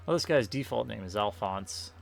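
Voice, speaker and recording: A man's voice: fairly low pitch, lively intonation, normal speed, gravelly. A man casually commenting on a game as he plays, rambling and correcting himself while reading the game's questions aloud. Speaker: streamer playing a game. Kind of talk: casual let's-play commentary. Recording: faint game music behind.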